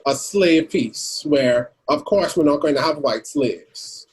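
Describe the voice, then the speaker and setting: A man's voice: a little high, animated, a little slow, husky, poor audio. A man hosting a casual podcast discussion, arguing his point and steering the conversation. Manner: argumentative, steering the debate. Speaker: podcast host.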